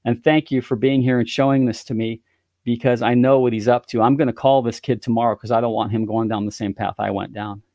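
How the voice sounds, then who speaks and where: Man voicing a sincere young ex-gang guy, mid-pitched, heartfelt. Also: steady tone, fairly quick, warm tone, no echo, studio quality, close to an everyday voice. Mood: earnest. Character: grateful young man, former gang member.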